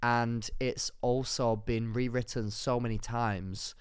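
A young man co-hosts a casual podcast, telling stories with excitable energy and sudden loud jumps. His voice is smooth and clear, recorded close and dry in a studio. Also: medium pitch, slow pace, dry recording. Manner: excitable storytelling, rising to loud bursts. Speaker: podcast co-host. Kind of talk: casual chat.

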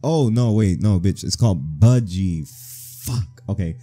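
A man's voice: deep voice, animated, unhurried, dark tone. A man giving joking, slangy, profane let's-play commentary as a gaming channel host. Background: faint game music.

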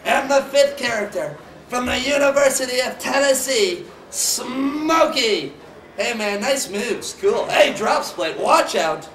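Goofy high-voiced man hamming it up. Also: a little slow, roomy sound, recorded from a distance, a little hiss or hum. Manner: hammy, excitable, shouts and whoops between jokey asides. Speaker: mascot show host. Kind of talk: goofy comic award announcement.

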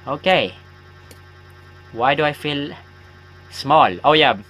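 A man's voice: fairly high pitch, slow, pushed and bright. A man rambling casually while playing a horror game, joking at himself and yelping at scares. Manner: chatty, self-mocking, bursts into yelps at scares. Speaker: gaming YouTuber. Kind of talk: rambling let's-play chat.

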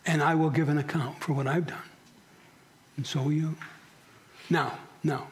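Man, pastor, sermon, earnest, rhetorical questions, slightly high voice, church. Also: a little fast, husky. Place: church sanctuary.

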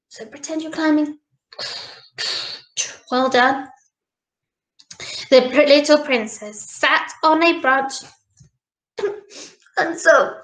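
A woman reads a picture book aloud to children, animated and coaxing. Her voice is very high and bright, and she takes her time. The room around her is echoey. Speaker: storybook reader.

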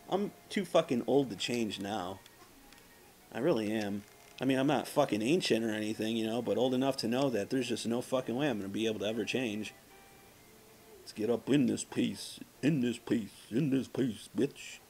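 Male let's-play host: animated, swings up and down in pitch, swears constantly, trash-talks enemies, mocks himself. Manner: profane, trash-talking the game's enemies; self-mocking banter. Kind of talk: casual gameplay commentary.

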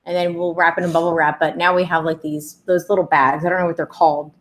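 A woman's voice: on the low side, flat delivery. A woman co-hosting a casual live stream, playful and teasing as she jumps into the conversation. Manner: playful, teasing, quick to jump in.

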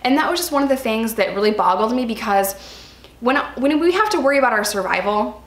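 A woman's voice: fairly high pitch, lively intonation, quick pace. Earnest young woman, echoey room. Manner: earnest, emphatic, repeats words for stress. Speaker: vlogger sharing personal experience. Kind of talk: candid personal vlog talk.

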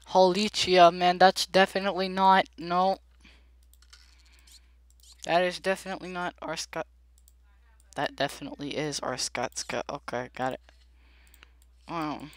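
A woman's voice: lowish voice, normal speed, pauses often, no room sound. A woman giving casual gameplay commentary, chatty and jittery, pleading aloud with the characters and talking to her viewers. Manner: addresses viewers directly. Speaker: gameplay video creator.

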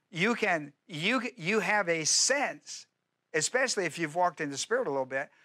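Male pastor, middle-aged, bright voice a touch high, emphatic repetitive sermon delivery. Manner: emphatic, repetitive preaching with direct questions to the congregation.

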